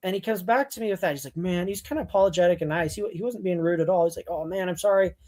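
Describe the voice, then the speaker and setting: A man telling a story as a podcast guest, blunt and animated, acting out what people said. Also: high-pitched, racing. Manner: blunt and animated, acts out quoted voices. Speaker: podcast guest, mink hunter. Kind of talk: casual storytelling.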